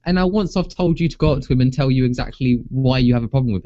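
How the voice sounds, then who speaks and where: A young man chats on a podcast, teasing his co-host with laughs and restarts. His voice is mellow and dark, and the recording sounds slightly muffled. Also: mid-range voice, fast talker. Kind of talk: casual chat. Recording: dull lo-fi sound.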